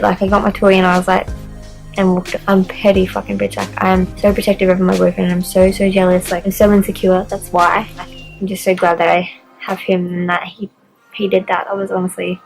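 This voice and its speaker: Young aussie woman rambling a story to camera, swears a lot, creaky voice, bit of music in the background. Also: medium pitch, darkish tone, poor audio. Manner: chatty, swears a lot, says like constantly. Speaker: vlogger.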